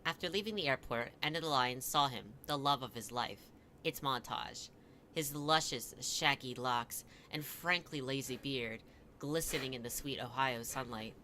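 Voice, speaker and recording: A man's voice: mid-range voice, moderate pace, pushed and bright, a little hiss or hum. A man reading a comic fan story aloud in a mock-dramatic way, with wry asides.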